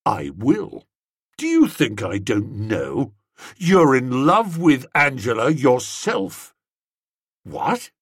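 Voiced by a man, an indignant young English gentleman bristles with jealousy and flings accusations at his friend. His husky voice swoops widely up and down. The reading sounds close and dry. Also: mid-range voice, wildly swooping pitch, slow, no room sound, full character voice. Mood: accusing. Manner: hotly accusing, snorting. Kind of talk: audiobook character voice.

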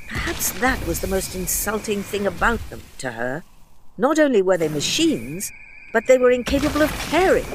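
High-voiced male narrator. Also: noisy background. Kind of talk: scripted narration.

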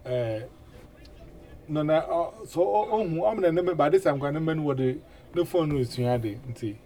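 A man hosts a loose, mixed-language radio chat. His voice sits a bit high for a man. He keeps things animated, leaning on 'eh' fillers and doubling his words. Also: moderate pace, slight background noise.

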